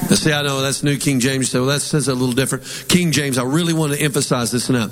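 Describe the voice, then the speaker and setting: A man's voice: medium pitch, fast, hardly any pauses, fairly bright tone, in a large hall. A man preaching a sermon as pastor, with emphatic delivery and call-and-response lines for the congregation.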